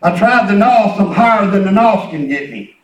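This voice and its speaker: A man's voice: sits high, expressive, normal speed, a little hiss or hum. A middle-aged man preaching a sermon as pastor, folksy and repetitive, telling everyday stories. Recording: echoey room, distant mic.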